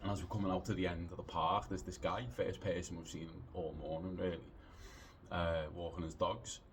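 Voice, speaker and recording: A deep-voiced man in his late thirties, a podcast storyteller, rambles through a long anecdote in a loose, chatty way, restarting, swearing casually and leaning on fillers. His delivery is flat and a little fast. A faint hiss of noise sits behind him.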